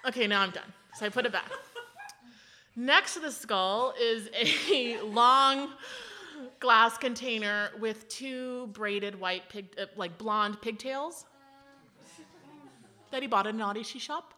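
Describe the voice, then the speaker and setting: A woman in her thirties telling a casual story, animated, laughing often and saying "like" a lot. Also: fairly high pitch, slow pace, pauses often. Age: 30s.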